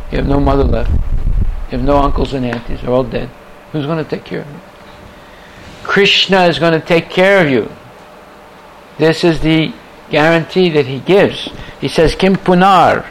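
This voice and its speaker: A man's voice: fairly high pitch, moderate pace, long pauses, a little hiss or hum, poor audio. A man giving a scripture lecture to a class, reciting verses and driving his points home with repeated rhetorical questions. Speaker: spiritual teacher giving a class.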